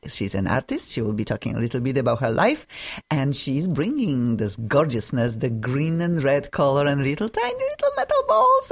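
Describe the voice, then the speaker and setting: A woman's voice: rumbling low, husky. A woman hosting a radio talk show, gushing and laughing often as she chats with guests in the studio.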